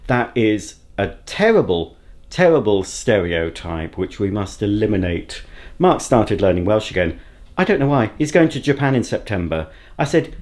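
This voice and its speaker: A man's voice: fairly low pitch, big pitch swings, normal speed, darkish tone. Rambling, self-mocking vlogger man. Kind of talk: casual solo vlog to camera. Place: at home, indoors. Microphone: handheld camera at arm's length.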